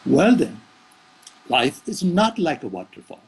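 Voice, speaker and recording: A man puts on a solemn meditating guru, a cryptic old sage on a mountain who speaks with an accent. His voice rises a bit above his usual pitch, slow and grave, and has a gravelly edge. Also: sing-song, exaggerated voice.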